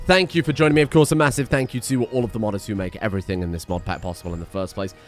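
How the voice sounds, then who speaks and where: A man hosting a let's play, narrating as he goes with excitable, jokey asides and frequent swearing, his voice strained from shouting. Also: on the low side, very fast, soft background music. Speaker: gaming channel host.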